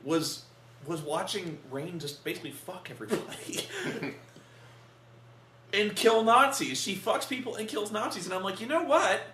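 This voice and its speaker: A man chatting casually in a comedic movie review, animated and prone to shouting out quotes. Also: sits high, normal speed, echoey room.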